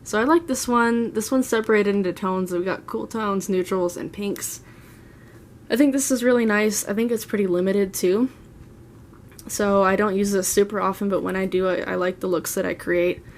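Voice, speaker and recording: A woman's voice: mid-range voice, steady tone, moderate pace, slight background noise. A woman in her twenties chatting through a casual makeup collection tour, gushing and rambling as she talks. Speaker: beauty vlogger. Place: at home, seated.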